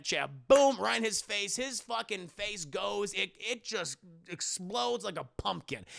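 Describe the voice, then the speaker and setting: A young man retells a film to his live chat in a loose, profane ramble, jumping into shrieked character voices. His voice sits high and swoops wildly, with a strong gravelly fry. He sounds bright and close, with a dry, dead sound. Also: no echo. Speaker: movie reviewer streaming live. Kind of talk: animated casual plot recap to a live chat.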